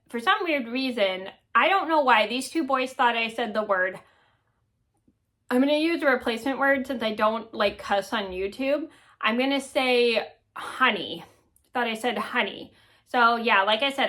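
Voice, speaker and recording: Woman, thirties, vlogger: slightly high, bright voice, loose rambling storytelling. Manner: rambling, many ums and restarts. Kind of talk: casual storytelling to camera.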